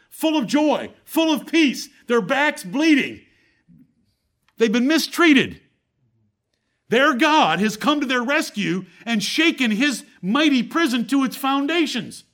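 A man with a high voice preaches a sermon to his assembly. He asks rhetorical questions and quotes scripture. His delivery climbs to fervent peaks, then sinks to a hushed, low tone. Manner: preaches with rising fervor, then drops to a low, quiet tone; rhetorical questions and Bible quotations.

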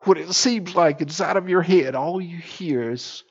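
Husky-voiced man preaching with fervor. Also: fairly high pitch, a little slow, muffled recording. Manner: impassioned preaching, swings from hushed to loud. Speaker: pastor. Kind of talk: sermon.

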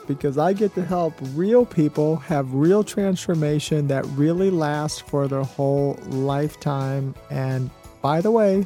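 A man's voice: a little high, dark tone. A man hosting a talk radio show, telling client stories in a folksy, salesy way, full of repeats and "you know"s. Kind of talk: talk radio monologue with testimonials.

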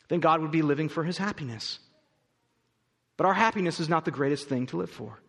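A man's voice: a little high, expressive, fast talker, fairly bright tone. A male pastor preaching a sermon, arguing his point emphatically and asking rhetorical questions. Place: church auditorium. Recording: long reverb of a large hall.

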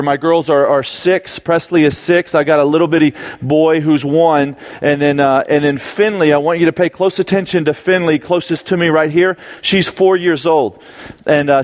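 A man in his thirties, a young adult ministry pastor, giving a conversational sermon to a live audience, telling a family story and acting out quotes with frequent restarts. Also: a little high. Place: church auditorium before a live audience.

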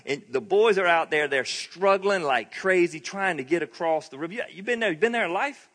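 A man's voice: high-pitched, expressive, brisk, a bit bright. A male pastor preaching a sermon in a conversational, storytelling way, with frequent laughs. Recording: long reverb of a large hall.

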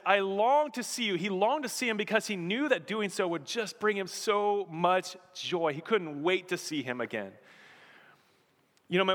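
A man preaching a sermon as pastor, impassioned, swinging from loud emphatic appeals to soft, hushed storytelling. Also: on the high side. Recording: long reverb of a large hall.

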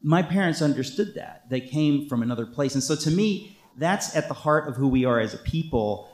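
A man speaks with an impassioned, emphatic drive, answering a question about his book and often restarting his sentences as he pushes a point. His voice sits a little higher than most men's. The sound carries a clear echo from the room. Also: lively intonation, normal speed, darkish tone. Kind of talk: talk with audience Q&A.

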